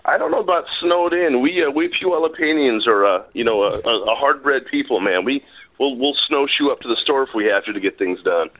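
A man, a musician guest on the phone, joking around and talking in halting bursts. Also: medium pitch, animated, phone-quality sound. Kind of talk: casual phone interview.

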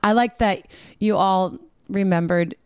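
A woman hosting a podcast in casual chat. She is excitable and emotional, and she laughs often. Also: mid-range voice, unhurried, smooth, no echo. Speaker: podcast host.

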